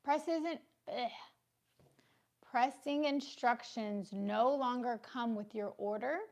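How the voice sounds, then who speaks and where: Woman co-hosting a livestream with a gravelly voice. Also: a little high, darkish tone. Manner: brisk, teasing. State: sore throat. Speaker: business co-host on a livestream. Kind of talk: casual livestream chat.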